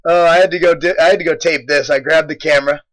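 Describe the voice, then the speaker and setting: A man's voice: fairly high pitch, fairly even intonation, fast talker, poor audio. A young man casually narrating a gym video, joking and boastful as he rambles through stories. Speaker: fitness supplement company host. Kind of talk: casual gym vlog commentary.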